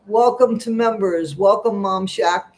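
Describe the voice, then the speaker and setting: This livestream host is a middle-aged man whose voice sits high and moves a little slowly. He reads out comments from viewers and gossips, wandering from topic to topic in a chatty way.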